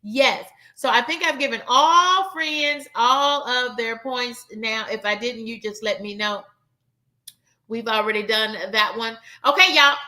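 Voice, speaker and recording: A woman in her twenties or older chats with her live-stream audience during a relaxed game night, calling them "y'all" as she reads their answers. She speaks unhurriedly in a fairly high, sharp-toned voice.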